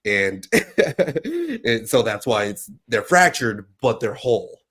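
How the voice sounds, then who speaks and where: A man's voice: mid-range voice, sing-song, slow, a bit bright, breathy edge. A man chatting on a casual podcast, rambling with many filler words.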